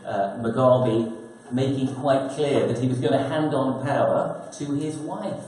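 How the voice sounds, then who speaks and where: A man's voice: medium pitch, unhurried, darkish tone, slight background noise. A man, an author, giving a thoughtful talk at a press conference and posing rhetorical questions. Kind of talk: prepared talk to an audience. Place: conference hall. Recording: very echoey conference room.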